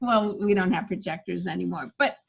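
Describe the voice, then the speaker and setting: A woman coaching comedy writing, energetic and emphatic, now and then bursting into loud acted-out joke lines. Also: on the low side, a little fast, creaky, breathy edge, dull audio. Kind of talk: coaching session with feedback on jokes.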